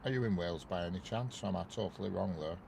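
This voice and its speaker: Parked near a railway bridge, a man from the north of England streams live, rambling and calling out viewers by name. He talks fast in a low, gravelly voice, caught on a wireless clip-on mic in the car with background noise.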